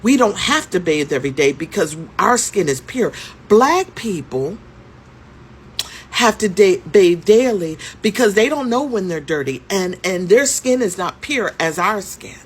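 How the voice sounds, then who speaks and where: A woman acting out a condescending elderly woman, speaking in a sweetly patronizing, slow and deliberate way. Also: mid-range voice, lively intonation, a little hiss or hum, close to an everyday voice. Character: condescending elderly woman, prim and sure of herself.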